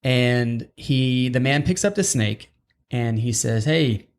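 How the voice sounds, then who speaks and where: Male podcast host, casual chat, rambling and digressive, average pitch. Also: animated, slow. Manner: rambling, digressive, restarts often.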